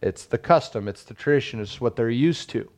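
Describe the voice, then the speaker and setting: A man's voice: medium pitch, expressive, a little fast, a little mellow. A man in his thirties preaching a sermon as pastor, with rising emphasis and frequent rhetorical questions.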